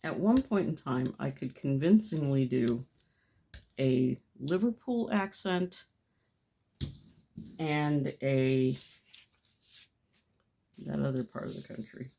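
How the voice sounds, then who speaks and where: A woman's voice: extremely low pitch, lively intonation, takes it slowly, vocal fry, pauses often, mellow, a little hiss or hum. A woman talking through a gel plate printing project as she works, chatty and self-deprecating, laughing often at herself. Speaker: mixed media artist. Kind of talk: casual crafting commentary. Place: home craft studio.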